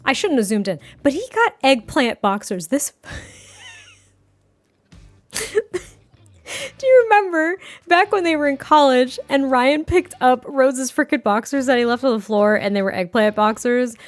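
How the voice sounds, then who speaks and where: A woman's voice: sits high, lively intonation, unhurried. A young woman, the host, giving casual, gushing gameplay commentary with frequent laughs. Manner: bubbly, gushing, laughs often. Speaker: gaming creator narrating a life-sim series.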